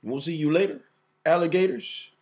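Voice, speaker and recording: A man's voice: fairly high pitch, normal speed, a little mellow. A man co-hosting a casual chat, talking animatedly, repeating words, acting out quotes and laughing often. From family from the Southern US. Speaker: podcast co-host.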